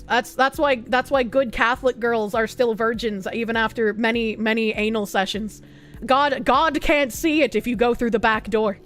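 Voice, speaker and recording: A young woman chats casually on her stream, tossing off bawdy jokes and laughing between chat replies. Her voice sits high, with soft music playing faintly underneath. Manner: bawdy, joking, laughs often.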